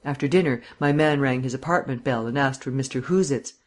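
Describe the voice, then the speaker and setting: A man's voice: medium pitch, brisk, lightly acted. A man voicing a blunt, worried police sergeant giving a plain report in an audiobook reading.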